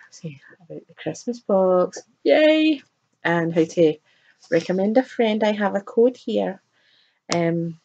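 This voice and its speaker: A woman's voice: lowish voice, breathy edge, muffled recording. Chatty woman unboxing sweets. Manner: chatty, chirpy, breaks into laughs. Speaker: unboxing vlogger. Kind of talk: casual unboxing chat.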